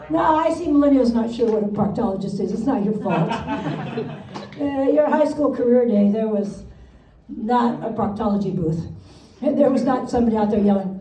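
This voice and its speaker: An older woman in her seventies delivers a self-mocking stand-up routine in a high, bright voice. She sounds a little distant, as if picked up from across a roomy club, with the crowd audible around her. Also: expressive, a little slow, long pauses. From Wisconsin, USA. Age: 70s. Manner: self-mocking, punchy delivery with frequent laughs. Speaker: stand-up comedian. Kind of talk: stand-up comedy set. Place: comedy club stage with live audience.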